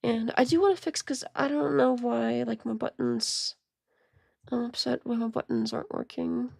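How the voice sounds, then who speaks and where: A woman streamer chatting casually as she reacts to videos, rambling with stammered restarts and quiet muttered asides. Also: a little high, very animated, moderate pace, vocal fry, no echo, clean studio sound. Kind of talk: casual live-stream commentary.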